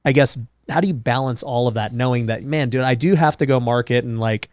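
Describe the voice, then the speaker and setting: A man's voice: mid-range voice, a little fast, dry recording, clean studio sound. A man hosting a podcast, asking questions in a casual, slangy way. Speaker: podcast host.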